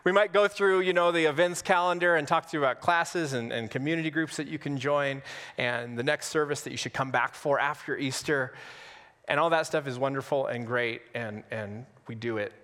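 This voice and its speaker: A male pastor preaching an Easter sermon in a conversational, humorous way, with dramatic pauses. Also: mid-range voice, a bit bright, long reverb tail. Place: church sanctuary on Easter Sunday.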